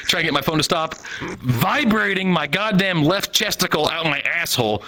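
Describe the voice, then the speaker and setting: A man's voice: fairly high pitch, expressive, a little fast, bright, forceful tone, slight background noise. A man telling a crude, profane story as a stand-up comedian, from the Midwest United States.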